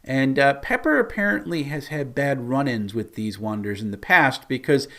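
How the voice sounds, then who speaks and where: A man recounting his tabletop campaign as the game master. His pitch moves a lot as he tells the story, and his voice sits in a middle register. He narrates in a lively, storytelling way. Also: normal speed.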